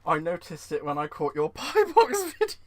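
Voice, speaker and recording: A man hosting a live crafting stream at home, chatting to viewers. He is bubbly and excitable, giggles often and uses fond terms like "sweetheart" as he works at a desk mic. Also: on the high side, normal speed. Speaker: crafting livestream host. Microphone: desk microphone.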